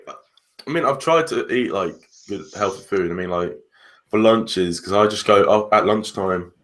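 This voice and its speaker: Low-voiced hesitant young man. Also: normal speed, fairly bright tone. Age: young adult. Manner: hesitant, filler-heavy. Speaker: podcast co-host, student. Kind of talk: casual chat.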